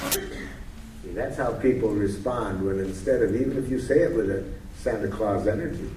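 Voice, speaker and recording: A man leading a workshop, coaching a participant and telling a story in an animated way. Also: fairly low pitch. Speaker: workshop leader. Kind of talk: teaching workshop, role-play demonstration. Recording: echoey room, distant mic, faint noise.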